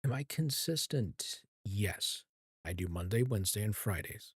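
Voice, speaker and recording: Calm, husky-voiced man streaming. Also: fairly low pitch, a little slow, dry recording, studio quality. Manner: calm, soft-spoken and even; hesitant, with many fillers and restarts. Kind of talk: casual chat while streaming a game. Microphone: streaming mic with equalizer.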